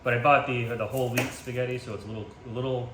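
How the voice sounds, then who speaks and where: In an echoey home kitchen with some background noise, a man with a mid-range voice talks fast and steadily as he cooks. His vlog chat is casual and rambling, peppered with ums and self-deprecating humor, all captured on a phone camera in portrait mode.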